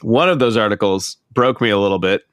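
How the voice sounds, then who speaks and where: A man's voice: on the low side, a little fast, no room sound. A man co-hosting a podcast in casual, rambling chat, full of fillers and restarts. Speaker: podcast co-host.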